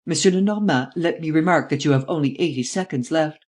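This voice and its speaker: Reader doing an impatient statesman guy, blustery, keeps demanding results, middle pitch. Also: a little mellow, lightly acted. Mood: urgent. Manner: brisk, exclamatory, pushes for quick results. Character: impatient male head of government, blustering.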